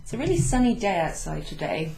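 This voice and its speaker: A woman teaching beginners French from her office, going over phrases slowly with many fillers and repeating each example. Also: medium pitch, sing-song, creaky, darkish tone, reverberant, slight background noise, poor audio. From Wales. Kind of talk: recorded lesson recap for students. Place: home office with blinds closed.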